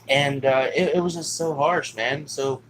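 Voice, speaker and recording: A man's voice: mid-range voice, bright, forceful tone, a little hiss or hum, low-quality recording. Rambling, cursing man telling a story. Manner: rambling, profane, with many fillers. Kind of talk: casual personal storytelling.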